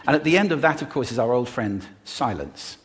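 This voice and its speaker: Male stage speaker, animated swooping pitch, mid-range voice, expressive shifts in pace and loudness. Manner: expressive, deliberately varies pitch, pace and volume. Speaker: public speaker on voice. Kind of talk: stage talk. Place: stage before a live audience.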